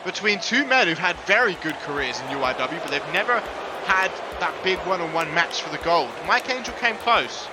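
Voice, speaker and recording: Excitable, high-voiced male wrestling commentator. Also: normal speed, a crowd in the background, background noise. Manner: excitable, jokey, bursts into shouted ring introductions. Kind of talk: live play-by-play commentary.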